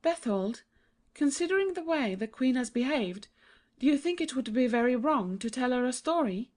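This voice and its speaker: A woman's voice: sits high, expressive, moderate pace, darkish tone. A woman voicing a young, trusting princess, earnest and pleading in a childlike way.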